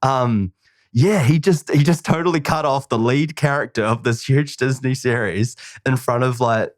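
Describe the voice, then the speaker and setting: A man's voice: medium pitch, moderate pace, no echo. Slangy man telling stories, dry sound. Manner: rambling anecdotal storyteller, slangy. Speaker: podcast host. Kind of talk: casual chat.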